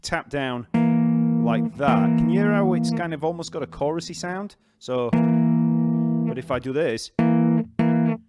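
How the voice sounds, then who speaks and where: A man's voice: on the high side, expressive, measured pace, highs cut off, over loud music. Chatty Yorkshire man hosting a livestream. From Yorkshire, northern England. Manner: chatty and rambling, reads out viewer comments. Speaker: bass teacher hosting a live stream. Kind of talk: casual live-stream chat.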